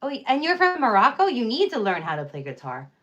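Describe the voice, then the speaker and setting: A woman's voice: a little high, huge pitch swings, fast talker, a bit bright, dull audio. A young woman chatting casually with viewers on a livestream, rambling with lots of fillers and easy laughs.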